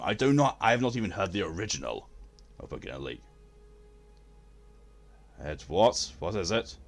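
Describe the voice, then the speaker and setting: Casting: low-voiced male streamer, theatrical and expressive. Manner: theatrical, posh-leaning delivery. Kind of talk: casual live game stream chat.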